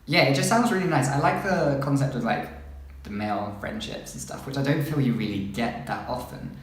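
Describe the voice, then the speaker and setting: A man's voice: medium pitch, a little fast. A man chatting casually as a book vlogger, rambling through the books he is looking forward to and reading their synopses aloud. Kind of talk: casual chat about upcoming books. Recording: very echoey room.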